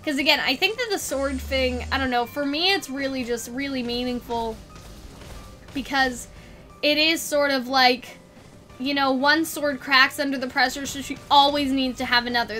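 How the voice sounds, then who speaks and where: A woman's voice: sits high, bright, forceful tone. A woman host losing her voice, casually rambling through an analysis and asking 'you know what I mean' over and over.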